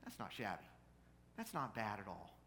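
A man preaching a sermon, telling a story and building to loud, fervent peaks. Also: wildly swooping pitch, normal speed. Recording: reverberant church hall, faint rumble.

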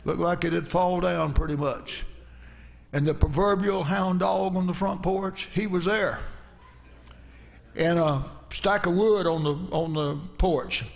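Brief: preacher, middle-aged, gravelly voice, rambling folksy anecdotes from the pulpit. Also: male voice, high voice. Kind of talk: storytelling sermon.

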